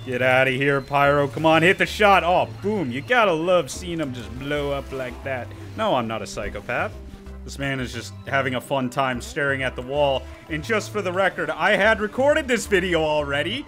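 A man hosting his gaming channel, giving joking, sarcastic, excitable commentary as he plays. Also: mid-range voice, normal speed, faint music behind. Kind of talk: gameplay commentary.

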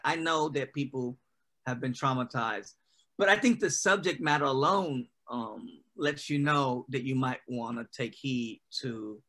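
A man, a poet, answering interview questions in a loose, casual way, full of "you know" and quick asides over a video call. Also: medium pitch, fairly bright tone. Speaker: poet and guest.

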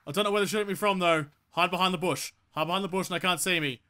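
A man narrating his own battle royale match in a high, bright, sharp voice. He swears constantly and moves from nervous muttering to furious shouting. It is loose, excitable gameplay commentary. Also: fast, hardly any pauses. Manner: profane, excitable, swings to angry shouting. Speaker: gaming YouTuber.

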